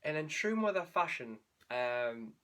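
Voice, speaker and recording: A man's voice: medium pitch, normal speed, a bit bright. A young man, a running vlogger telling his race story in a candid, emotional, rambling way with restarts. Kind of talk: candid spoken race recap.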